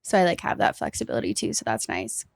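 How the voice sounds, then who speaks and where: A woman's voice: rumbling low, very animated, fast, gravelly, dry recording, clean studio sound. A young adult woman with a Minnesota accent, chatting as a podcast guest, laughing often and filling with "like". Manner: laughs often, many "like" fillers. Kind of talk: casual interview chat.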